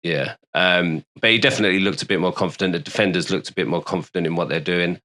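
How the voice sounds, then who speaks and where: Deep, bright-toned man chatting football. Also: fast. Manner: hesitant, many ums and restarts, swears casually. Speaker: podcast co-host, West Ham fan. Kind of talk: casual football chat.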